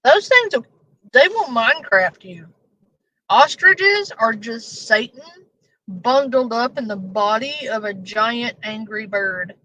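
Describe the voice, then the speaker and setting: A woman's voice: on the high side, expressive, slow, pushed and bright. A woman hosting a casual live stream, rambling and joking with plenty of swearing. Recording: dull lo-fi stream audio.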